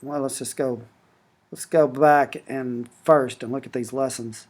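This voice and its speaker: A man's voice: medium pitch, steady tone, measured pace. A man walking through a language-learning app in a screen-recorded tutorial, explaining patiently with frequent fillers and restarts.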